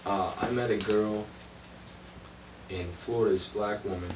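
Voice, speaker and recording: A man casually telling a story as a guest, animated and conversational. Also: fairly low pitch, measured pace. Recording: roomy, distant, noisy room recording.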